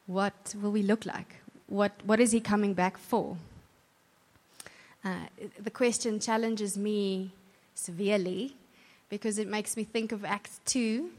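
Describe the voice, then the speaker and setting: Unhurried and fairly even in intonation, a medium-pitched woman delivers a church talk. It's earnest, warm, and conversational, with frequent restarts and self-corrections, and the hall's reverb lingers long.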